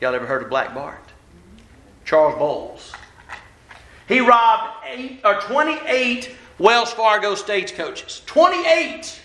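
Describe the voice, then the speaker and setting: A man's voice: sits high, lively intonation, takes it slowly, sharp tone. Folksy man preaching in an echoey hall. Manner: folksy, self-deprecating, moves around while preaching. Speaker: minister. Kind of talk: conversational sermon. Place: church hall.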